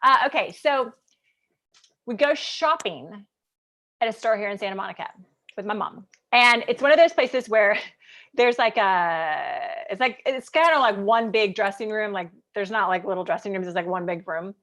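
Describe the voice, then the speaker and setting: A woman in her thirties from Kansas, chatting animatedly on a livestream, full of "like" and quick asides as she tells a personal story. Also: mid-range voice, animated, a bit bright. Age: 30s. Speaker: business coach.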